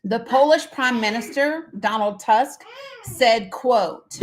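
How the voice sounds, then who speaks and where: A woman with a fairly high, expressive voice speaks slowly over slight background noise. Hosting a casual live stream, she chats bluntly with frequent fillers, reads viewer comments aloud, and talks to her kids mid-stream.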